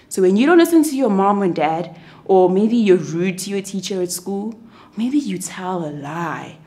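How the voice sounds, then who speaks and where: A young woman teaches children's church through a Bible story. Her voice is expressive and animated, sliding widely up and down. The delivery is friendly and aimed squarely at small children. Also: medium pitch. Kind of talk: kids' Bible story narration.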